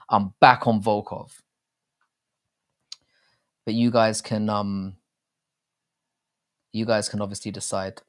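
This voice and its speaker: A man hosting a casual live stream, talking in a rambling, jokey and crude way with many restarts. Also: lowish voice. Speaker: livestream host. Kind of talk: casual live-stream chat about fight betting.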